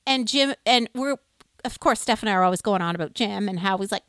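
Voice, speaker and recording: A middle-aged woman co-hosting a livestream, telling a story in a casual, animated way and acting out the quoted voices. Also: medium pitch, brisk, no echo. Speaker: livestream co-host.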